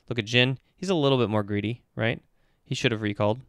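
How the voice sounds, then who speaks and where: A man coaching esports players talks through a match replay and picks apart each play with lively, analytical energy. His voice is smooth and resonant. The sound is dry and close to the mic. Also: mid-range voice, quick pace, hardly any pauses, no room sound. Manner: analytical, animated, breaks down plays step by step. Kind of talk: casual game-replay commentary on a stream.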